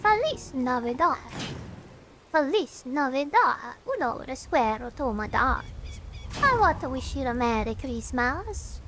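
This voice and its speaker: A woman's voice: sits high, sing-song, a little slow, noisy background. A woman putting on a bad, exaggerated Transylvanian vampire count accent while singing. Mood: hammy singing. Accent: mock Transylvanian. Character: hammy Transylvanian vampire count, male, theatrical.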